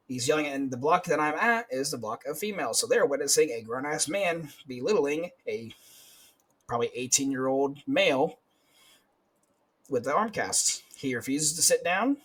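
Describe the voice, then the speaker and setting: Man, young, husky voice, casual profane storyteller. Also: a little high, normal speed, a bit bright, rough recording. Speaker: podcast co-host, corrections officer.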